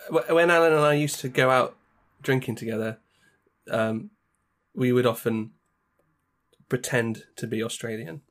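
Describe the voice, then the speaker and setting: A man's voice: mid-range voice, a little slow, fairly bright tone. Dry-witted man chatting casually. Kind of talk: casual chat.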